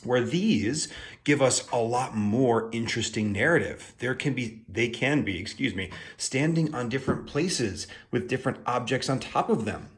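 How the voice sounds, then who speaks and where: A man with a voice of ordinary pitch talks through a tarot video in a casual, explanatory way. He sounds playful and chatty, and he often drops into asides and fillers as he thinks aloud. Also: lively intonation, normal speed.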